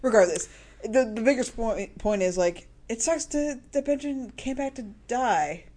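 A podcast co-host chatting casually about a TV episode, laughing often and jumping in with quick reactions. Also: mid-range voice, expressive, darkish tone. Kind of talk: casual TV recap chat.

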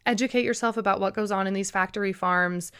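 A woman talks through a solo podcast episode in an earnest, emphatic way, stumbling and restarting as she goes. Her voice sits at an ordinary middle pitch and carries a slightly emotional edge. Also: steady tone, fast, a bit bright, clean tone. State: a little emotional. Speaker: podcast host. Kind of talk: casual solo podcast monologue.

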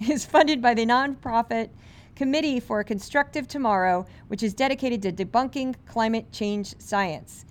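A woman hosting a media commentary podcast, brisk, sarcastic and incredulous. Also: on the high side. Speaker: podcast host.

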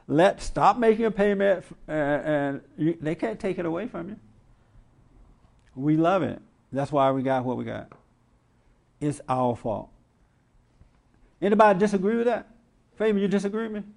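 A man's voice: fairly high pitch, expressive, normal speed, vocal fry, long pauses, darkish tone. A man hosting a radio talk show, preaching with emphatic rhetorical questions and mocking quotes. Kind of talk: preaching commentary to a live audience.

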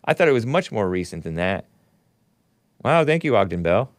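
A man's voice: lowish voice, big pitch swings, normal speed, dry recording. A man hosting a live stream, giving sarcastic, opinionated commentary and reading viewer chat aloud. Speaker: host.

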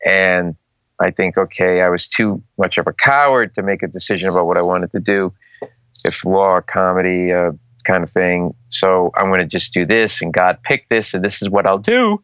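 A man's voice: low voice, moderate pace, clean tone, no echo. A middle-aged man from Rhode Island, a comedian telling stories in an interview and acting out the people in them. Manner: animated, acts out voices of people in his stories. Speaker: comedian guest. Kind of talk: casual storytelling interview. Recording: dull, slightly muffled podcast audio.

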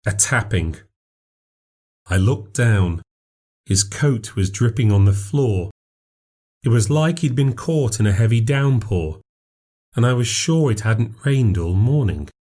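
A man narrating a ghost story in a measured, steady way. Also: on the low side.

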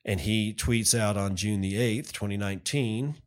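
A man's voice: fairly low pitch, normal speed. A man hosting a solo podcast, talking casually and bluntly, ranting and loose with fillers. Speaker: podcast host.

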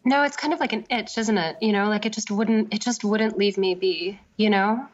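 A woman's voice: mid-range voice, moderate pace. A woman novelist being interviewed, thinking aloud in a casual, hesitant way with many fillers. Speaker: novelist guest. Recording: slightly dull lo-fi sound.

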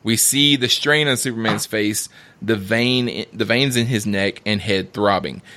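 Bright-voiced man reading stage directions. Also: on the low side. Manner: brisk, with restarts and chuckles. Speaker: script reader.

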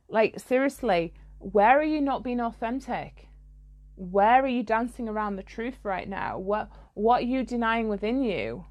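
Brief: woman, spiritual coach, blunt podcast monologue, swears a lot, laughs in the middle of lines, mid pitch.

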